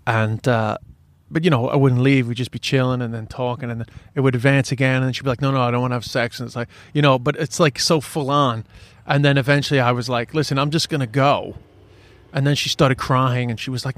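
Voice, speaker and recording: A man chatting on a podcast, blunt and sweary, tripping over his words as he restarts sentences. His voice sits at an ordinary pitch, recorded close and dry with no room sound. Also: fast, dry recording. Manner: frank, sweary, many restarts. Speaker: podcast co-host. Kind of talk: casual chat.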